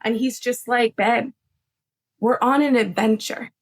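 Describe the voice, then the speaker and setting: A young adult woman, a psychic medium and podcast guest, telling a story in casual chat, animated and laughing, acting out the voices of others. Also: a little high, unhurried.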